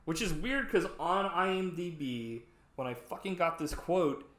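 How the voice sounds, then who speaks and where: A man's voice: a little high, animated, measured pace, a bit bright. A man hosting a podcast, casually recapping a movie in a rambling way with lots of "like" and swearing. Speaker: podcast host. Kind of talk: casual film recap chat. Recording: roomy echo.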